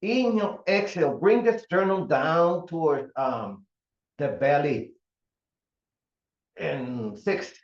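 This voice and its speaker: A man in his seventies leading an at-home mat exercise class, counting reps and giving calm breathing cues. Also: fairly high pitch, slow pace, long pauses. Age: 70s. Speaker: fitness instructor. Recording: roomy, dull home recording.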